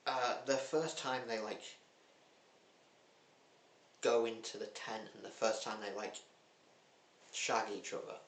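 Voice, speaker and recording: A man talking casually and bluntly about films he watched, with a cheeky, chatty manner. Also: medium pitch. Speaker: film vlogger. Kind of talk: casual film review chat. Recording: echoey room with faint hum.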